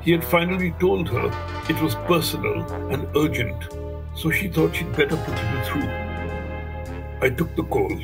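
A man in his seventies, from India, reading from his own memoir in a measured, wry storytelling manner, with music playing underneath. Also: fairly high pitch, gravelly. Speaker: author.

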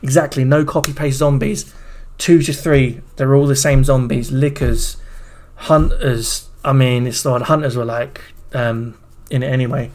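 A man streaming, reacting excitedly to a game trailer in casual, profanity-laced commentary. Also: mid-range voice, a little slow. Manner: excitable, swears freely, talks over the video.

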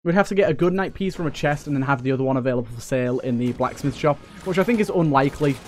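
A man's voice: mid-range voice, rapid-fire, slight background noise. A young man giving casual let's play commentary, chatty and jokey, swearing and talking to enemies as he plays.

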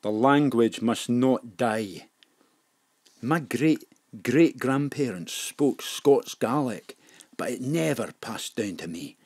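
An actor playing a secretive, wistful male informant who speaks slowly and quietly, recorded in a home studio. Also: a little high, sing-song, dry recording. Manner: slow, hushed, wistful. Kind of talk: live-streamed audio drama acting. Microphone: home studio mic. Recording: dry home studio sound.

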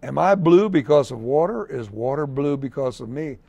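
A man's voice: medium pitch, normal speed, vocal fry, a little mellow, no room sound. A man voicing a curious blue crayon in a storybook read-aloud, wondering aloud in questions.

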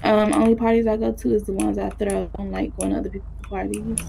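A woman's voice: medium pitch, flat delivery, fast, vocal fry, noisy background. A young woman in casual roleplay chat, laid-back with short replies. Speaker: roleplay player.

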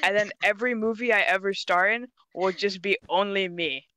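A woman's voice: medium pitch, moderate pace, pushed and bright, no room sound. Joking young woman gaming with friends. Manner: playful, joking, tells rambling stories. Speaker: gamer chatting with friends. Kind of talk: casual gaming banter.

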